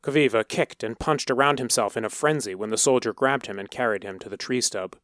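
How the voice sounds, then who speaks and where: Man, storybook narrator, steady measured reading, mid pitch, dry recording. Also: no echo.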